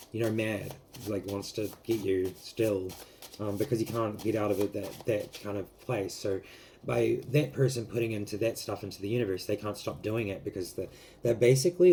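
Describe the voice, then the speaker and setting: A man giving a casual tarot reading to camera, rambling with many fillers and gently emotional, close to tears. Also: lowish voice, slight background noise. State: teary, close to crying. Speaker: tarot reader.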